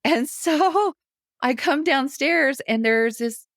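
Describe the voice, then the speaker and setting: A middle-aged woman, a guest on a podcast, telling a personal story in casual conversation, animated, acting out her own reactions and laughing often. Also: sits high, slow pace, dry recording, clean studio sound.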